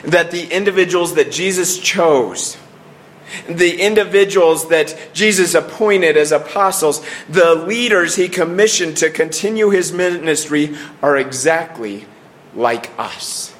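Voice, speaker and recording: A man's voice: on the high side, fairly bright tone, a little hiss or hum. A middle-aged man preaching a sermon in an earnest way, often restarting and trailing off at the ends of phrases. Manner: earnest, with many restarts and falling pauses.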